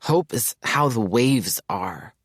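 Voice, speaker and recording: A man puts on a lovestruck young guy in an audiobook who drawls romantic verse slowly and theatrically. The voice sits a little low and the sound is close and dry. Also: big pitch swings, creaky, no echo, heavily acted. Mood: swooning, dramatic. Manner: slow, dreamy, theatrical delivery.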